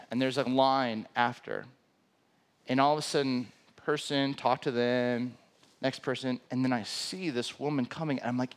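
A pastor in his thirties, with a medium-pitched voice, preaches a sermon built around a personal story, acting out the quoted dialogue.

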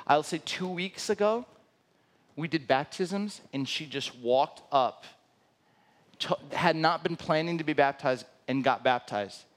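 Guy pastor in his 30s preaching, tells stories and acts out what people said, voice a little on the high side. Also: lively intonation, unhurried. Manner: storytelling, acting out quoted dialogue. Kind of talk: sermon.

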